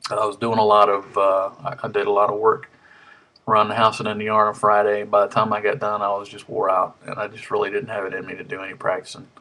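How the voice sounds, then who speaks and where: A man's voice: on the low side, completely flat delivery, fast, sharp tone. A man, rambling through a casual webcam vlog at home with lots of ums and restarts, a little out of breath. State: slightly out of breath. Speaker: harmonica hobbyist vlogger. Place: home room. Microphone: webcam mic.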